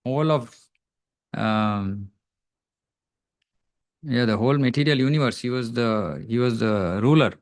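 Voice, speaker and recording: A man giving a devotional scripture class in a reflective, self-deprecating way. He often pauses to search for words, and he reads Sanskrit verses before their translations. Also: medium pitch, gravelly, no echo.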